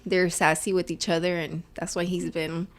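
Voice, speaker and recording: A young woman co-hosting a casual podcast, telling stories about her family with lively, animated energy. She switches between English and Spanish mid-sentence and acts out the lines of the people in her stories. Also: fairly low pitch, normal speed. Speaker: podcast co-host. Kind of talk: casual chat.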